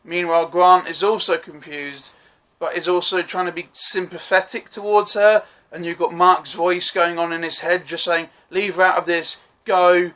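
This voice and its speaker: A man's voice: high voice, steady tone, normal speed, pushed and bright, poor audio. A man gives a casual, rambling and enthusiastic spoken review of a TV episode, often correcting himself mid-sentence. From United Kingdom. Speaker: TV review vlogger.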